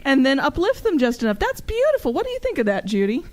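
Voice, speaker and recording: A woman's voice: sits high, wildly swooping pitch, fast talker, darkish tone. A woman co-hosting a talk show, bubbly and enthusiastic in casual chat. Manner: bubbly and enthusiastic, laughs readily.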